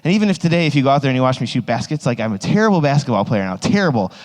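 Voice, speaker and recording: A man's voice: mid-range voice, big pitch swings, racing. A man in his thirties, a youth pastor, telling a rambling, self-mocking personal story in a sermon, full of "like" fillers, on stage microphones. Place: large hall with an audience. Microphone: two stage microphones. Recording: long hall reverb.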